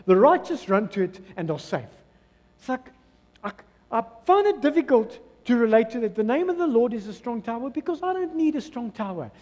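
A man with a South African accent preaching a sermon as pastor, swinging from loud exclamations to soft, low asides. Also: sing-song, brisk, in a large hall. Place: church hall.

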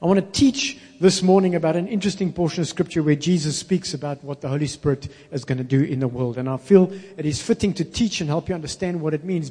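Emphatic preacher in a hall. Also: male voice, fairly high pitch, warm tone, breathy edge. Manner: call-and-response with congregation; emphatic, slows down to stress words. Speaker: pastor. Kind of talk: sermon. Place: church hall. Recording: long reverb in a large hall.

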